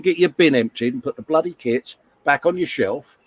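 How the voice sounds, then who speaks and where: A middle-aged man hosting a casual live stream chat, reading out viewer comments in a matey, gently scolding way. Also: fairly high pitch, moderate pace, breathy edge, no echo.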